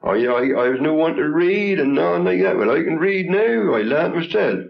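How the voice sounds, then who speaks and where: A man's voice: a little high, lively intonation, normal speed, vocal fry. Old country fella in his 70s, blunt short phrases, muffled old film sound. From England. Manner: plain-spoken, blunt, in short broken phrases. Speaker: traditional folk singer. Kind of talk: reminiscing in an interview.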